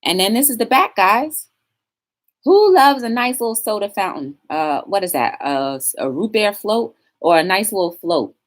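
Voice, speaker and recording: A woman's voice: mid-range voice, animated, normal speed. A woman hosting a casual live-stream talk show, chatting straight to her viewers and reading quotes aloud with emphasis.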